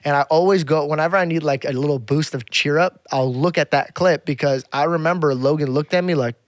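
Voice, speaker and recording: A man's voice: a little high, brisk, no room sound. A man on a podcast, telling a story casually and acting out other people's lines. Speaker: podcast guest.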